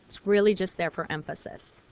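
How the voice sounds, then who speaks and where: A woman teaching a recorded lesson, explaining clearly and patiently, step by step. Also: mid-range voice, fairly even intonation, normal speed, a little mellow. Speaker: French teacher.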